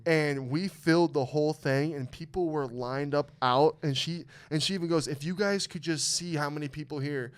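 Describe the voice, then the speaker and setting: A man's voice: fairly high pitch, normal speed, few pauses, smooth. Emotional, swearing young man telling stories. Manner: emotional storytelling, heavy swearing. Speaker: podcast host. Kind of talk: casual podcast chat.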